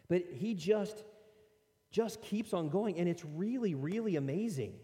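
Preacher guy in a church hall, voice swings up and down a lot, kinda mellow tone, long echo. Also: high-pitched, unhurried. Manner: animated, conversational preaching with scripture readings. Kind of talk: sermon.

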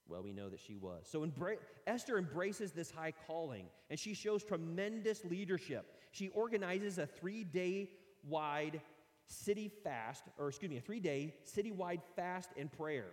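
A male pastor preaching a sermon as an animated storyteller who jokes with his listeners, recorded in a church sanctuary. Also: fairly high pitch, moderate pace. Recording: long reverb of a large hall.

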